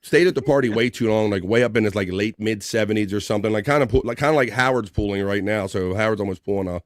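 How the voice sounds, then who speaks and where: A man hosting a casual livestream talk show, reading out viewer comments in a relaxed, rambling way with lots of fillers. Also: on the low side, fast, dry recording, clean studio sound.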